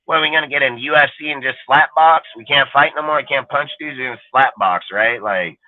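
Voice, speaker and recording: A man's voice: medium pitch, quick pace, dry recording. A man ranting bluntly and profanely in a casual podcast chat. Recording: dry phone-line sound.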